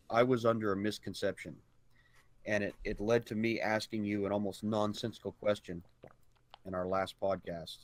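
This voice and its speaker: A man co-hosting a casual gaming podcast, with a fairly low voice. He speaks bluntly and emphatically and swears now and then. The recording is dry, with no room sound. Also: no room sound. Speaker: podcast co-host.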